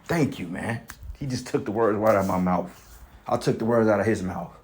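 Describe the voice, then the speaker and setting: Man, fairly low voice, reads news aloud, rambling commentary, profane, streetwise, repeats and restarts words. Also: normal speed.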